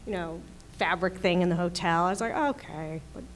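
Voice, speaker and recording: A woman TV writer on a convention panel, chatty and quick to laugh as she tells stories. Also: on the low side, steady tone. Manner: chatty, laughs often mid-story. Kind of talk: panel discussion.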